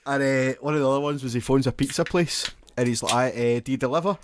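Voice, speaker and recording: Man, podcast co-host, sweary storyteller, middle pitch, dry sound. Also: fairly even intonation, brisk, clean tone, no echo. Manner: sweary storyteller who laughs at his own stories. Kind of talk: casual chat.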